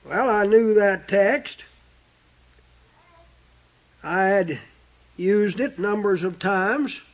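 A man preaching a sermon, quoting scripture with emphatic, drawn-out stress on single words. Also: high voice. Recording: dull lo-fi recording.

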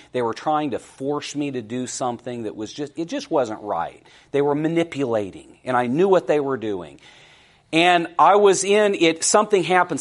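A man preaching a sermon, asking the congregation questions and swinging from loud, emphatic scripture lines to hushed, near-whispered prayers. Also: medium pitch. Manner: asks the congregation frequent questions.

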